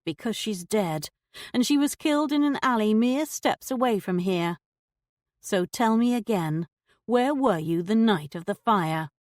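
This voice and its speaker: Pitching her natural voice above its usual register, a woman plays a sharp young lady detective who presses a suspect with composed, pointed courtesy. Her medium-pitched delivery is animated, measured in pace, and a little mellow. It's a clean studio recording without echo.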